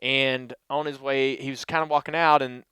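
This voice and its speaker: A man hosting a podcast, telling stories in a relaxed, rambling way. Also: medium pitch, normal speed, clear, resonant tone, no room sound. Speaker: podcast host. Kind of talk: casual podcast storytelling.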